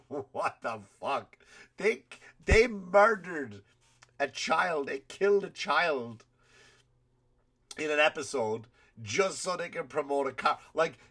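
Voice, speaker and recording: A man's voice: fairly high pitch, animated, slow, fairly bright tone, breathy edge. A man hosting a comedy podcast, ranting in a rambling, profane way and laughing at his own stories while he has a cold. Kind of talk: comedic rant.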